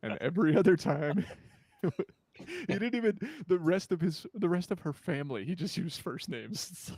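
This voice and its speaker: A man's voice: sits high, expressive, darkish tone, slightly rough, no echo. A man who writes articles, joining a casual sports podcast, joking and laughing as he talks. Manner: quick, joking, laughs often.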